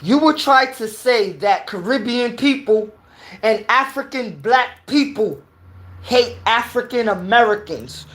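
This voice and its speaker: A woman's voice: a little high, expressive, measured pace. A woman from New York with a New York accent, giving a heated, preachy opinion rant and repeating her points.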